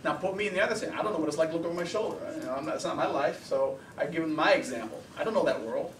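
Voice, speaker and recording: A high-pitched man gives a workshop lecture as a counselor, lively and full of rhetorical questions. His voice rings through an echoey room, picked up by a mic set some way off, with a faint hiss beneath. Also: rapid-fire, far from the mic. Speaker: anger management counselor.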